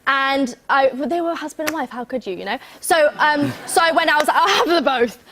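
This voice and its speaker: Animated woman telling a story. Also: sits high, a little fast, a little hiss or hum. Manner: animated storyteller, mimics voices. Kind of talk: interview anecdote.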